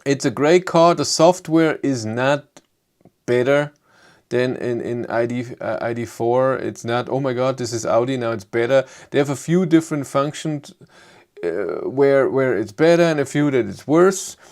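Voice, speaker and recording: A man with a German accent, hosting a live stream and chatting with viewers in English in a halting, rambling way. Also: mid-range voice, a little mellow. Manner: rambling, halting, frequent restarts. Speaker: YouTube car channel host.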